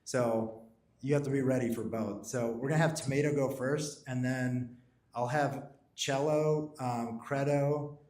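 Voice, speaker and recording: Casual event host in an echoey room. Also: male voice, medium pitch, steady tone, measured pace, darkish tone. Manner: casual, chatty, filler-heavy. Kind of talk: hosting a live event. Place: event room at a pitch night. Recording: roomy audio from a distance.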